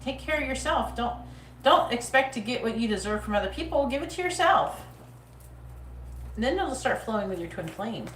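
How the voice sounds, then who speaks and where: A woman's voice: fairly high pitch, expressive, brisk. Sassy psychic lady swearing thru a live reading, kinda far from the mic, faint hiss. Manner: blunt, profane, sassy. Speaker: psychic livestream host. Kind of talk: live tarot reading chat. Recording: echoey room, mic at a distance.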